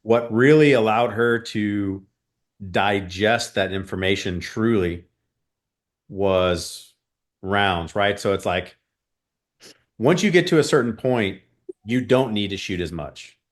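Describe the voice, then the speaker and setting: A man's voice: on the low side, slow pace, pauses often. A man speaking as a guest on a podcast, an earnest shooting coach rambling casually with many fillers. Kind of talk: casual interview chat.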